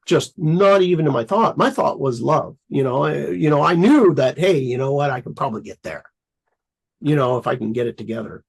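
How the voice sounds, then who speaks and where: A man with a somewhat high, gravelly voice that runs husky, talking casually in a rambling way. He piles on fillers and bursts into lively acted-out versions of his own thoughts. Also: normal speed, rough recording. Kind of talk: casual conversation.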